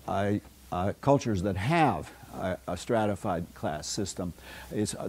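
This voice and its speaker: An older American man giving a university philosophy lecture, rambling through anecdotes with frequent fillers and restarts. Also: on the low side. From United States. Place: lecture hall.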